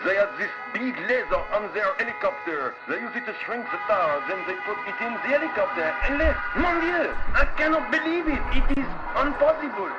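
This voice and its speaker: A man's voice: extremely high pitch, animated, fairly quick, few pauses. A man voicing a shocked Parisian eyewitness in a game news report, with an overdone French accent. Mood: astonished. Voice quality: exaggerated comic accent. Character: excitable male Parisian eyewitness. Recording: dull game audio over loud music.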